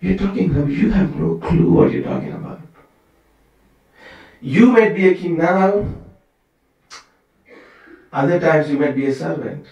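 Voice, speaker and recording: A man's voice: fairly high pitch, fast, vocal fry, few pauses, darkish tone, muffled recording. Brief: man as a dismissive holy man, blunt and a bit raised; distant, echoey. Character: male holy man dismissing a proud king. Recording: very echoey room, from far off.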